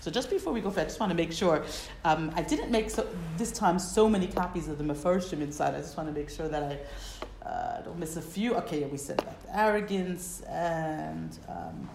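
A woman's voice: low voice, lively intonation, normal speed, creaky, a little mellow, a little hiss or hum. A woman teaching a Torah study class. She reads Hebrew phrases, translates them and asks questions as she explains.

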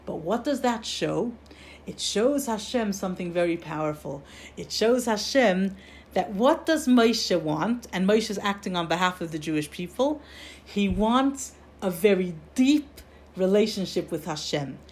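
A woman teaching a religious lesson in a mid-pitched voice. She tells her story in an animated way, often restarting her sentences, and her voice rises and falls a lot as she explains. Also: measured pace. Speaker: Torah teacher.

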